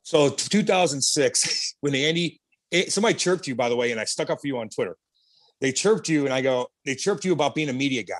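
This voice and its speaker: A man's voice: medium pitch, expressive, fast. A man co-hosting a podcast, teasing his partner in brash, profane casual chat. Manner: brash, teasing, swears freely. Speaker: podcast co-host.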